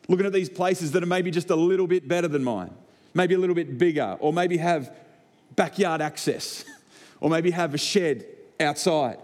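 A man's voice: medium pitch, darkish tone. Australian man preaching, conversational storyteller. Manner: conversational, personal storytelling with repeated rhetorical lines. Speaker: pastor. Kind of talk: sermon. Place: church hall before a congregation.

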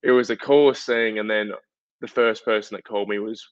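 A young Australian man, a guest footballer, telling a story in a chatty, animated way full of fillers. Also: fairly low pitch, fairly quick, no echo. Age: young adult. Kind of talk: casual interview storytelling. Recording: dull, dry lo-fi podcast audio.

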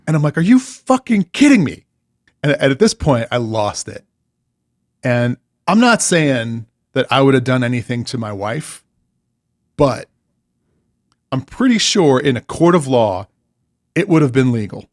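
A man's voice: medium pitch, lively intonation, unhurried, long pauses, dry recording, studio quality. A man co-hosting a podcast, telling a story in casual chat with lots of swearing and exasperation. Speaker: podcast co-host.

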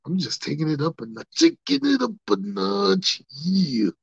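Man doing a gravelly pro-wrestler promo voice, husky and swaggering, dry lo-fi podcast sound. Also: sits high, huge pitch swings, no room sound, pitched above the performer's own voice, full character voice. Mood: hyped. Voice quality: gravelly growl. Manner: drawn-out boasts ending in rasped "yeah". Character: swaggering male wrestling star, growling catchphrases.

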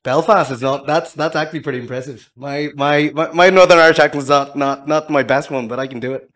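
A man hosting a casual podcast interview, firing off quick questions and teasing his guest with plenty of laughter. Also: a little high, a bit bright. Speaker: podcast host.

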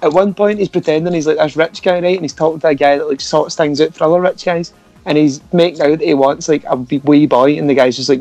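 A man's voice: a little high, fairly even intonation, fast talker, a little mellow, no echo, faint music behind. A young Scottish man hosting a casual podcast, teasing his friends, laughing often and swearing freely. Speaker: podcast host. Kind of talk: casual banter.

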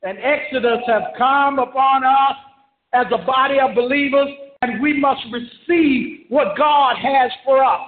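High-voiced man preaching over a phone line. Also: unhurried. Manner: fervent, repetitive call-and-response preaching with shouts. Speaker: pastor. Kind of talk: sermon. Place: church service. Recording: echoey, tinny conference-call line.

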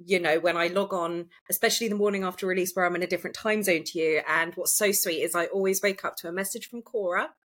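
A woman's voice: lowish voice, steady tone, quick pace, few pauses, fairly bright tone. A woman with a posh British accent and a cold, chatting thoughtfully and self-deprecatingly as a podcast guest. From United Kingdom. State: has a cold. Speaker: guest author. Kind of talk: casual podcast chat.

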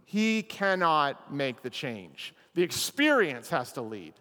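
A man preaching a chapel sermon as a pastor, telling a story with lively acted-out lines. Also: a little high, slow, hardly any pauses, big-room sound. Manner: animated storyteller, acts out characters' lines. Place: chapel or meeting hall.

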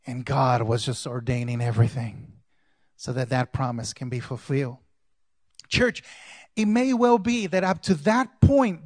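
High-voiced man preaching a sermon. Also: no echo. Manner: preaching to the congregation, swinging from soft asides to loud exhortation; acts out characters' lines in quoted voices. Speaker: pastor.

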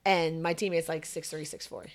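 A young woman co-hosting a podcast, telling a story in casual chat, animated and profane. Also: low voice, normal speed. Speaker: podcast co-host.

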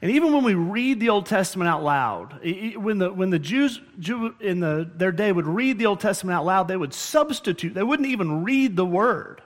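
A man's voice: sits high, animated, moderate pace, hardly any pauses. A man preaching as pastor in a church, explaining scripture earnestly and often restarting his phrases. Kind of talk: sermon. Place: church sanctuary.

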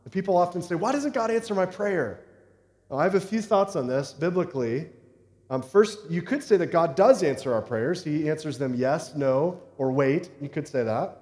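Preacher with a fairly high voice in an echoing church. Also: male voice, lively intonation, moderate pace, a little mellow. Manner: conversational preaching with frequent check-ins to the congregation. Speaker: pastor. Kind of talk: sermon. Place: church sanctuary. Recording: echoey hall reverb.

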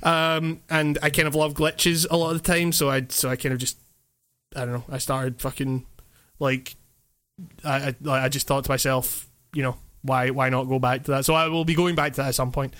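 A man's voice: a little high, normal speed. A man chatting casually about video games, rambling with many fillers and swearing, often laughing. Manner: animated, laughing. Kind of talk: casual chat.

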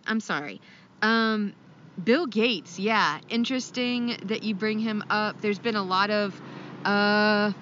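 A woman's voice: mid-range voice, background noise. Friendly woman hosting a lo-fi podcast. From Ohio. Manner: friendly, giggly, reads listener mail. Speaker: podcast co-host. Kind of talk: casual podcast chat.

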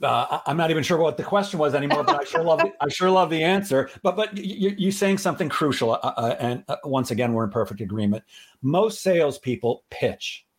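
A man's voice: fairly high pitch, big pitch swings, brisk, breathy edge. A male interview host and sales trainer, talking emphatically with frequent restarts and blunt humor. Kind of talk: conversational interview.

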